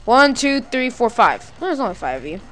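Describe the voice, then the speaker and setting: A woman giving playful, excitable let's-play commentary, letting out cartoonish battle cries and laughs as she fights. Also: a little high, brisk, a little hiss or hum. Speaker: gaming video creator.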